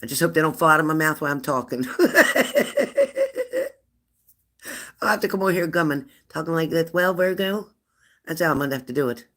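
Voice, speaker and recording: A woman in her fifties hosting a live stream, chatting warmly and laughing as she reads out viewers' comments. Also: low voice, racing, hardly any pauses. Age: 50s. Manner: chatty and affectionate, laughs often, answers comments aloud. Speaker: livestream host of a spirit-messages channel.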